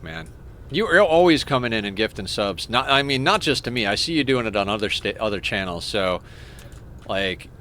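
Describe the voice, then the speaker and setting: A man's voice: mid-range voice, pushed and bright, a little hiss or hum. Stammering, rambling male game streamer. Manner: rambling, stammers and thanks viewers. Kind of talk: casual live-stream chat while playing.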